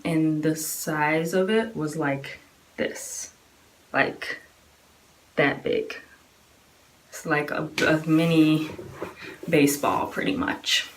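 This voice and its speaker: A woman in her twenties casually telling a personal story, chatty and full of fillers, acting out what others said. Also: low-pitched. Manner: chatty, many fillers, acts out quoted voices.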